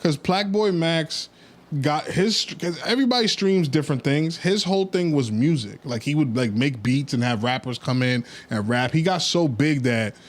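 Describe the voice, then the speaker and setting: A man's voice: a little high, lively intonation, moderate pace. A man hosting a podcast, recounting a story in casual chat with blunt, laid-back opinions. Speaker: podcast host.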